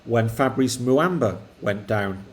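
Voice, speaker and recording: An older English man, the co-host and father of the streamer, chatting slowly and reflectively about football on a live stream. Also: medium pitch. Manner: slow, relaxed, reflective, chuckling.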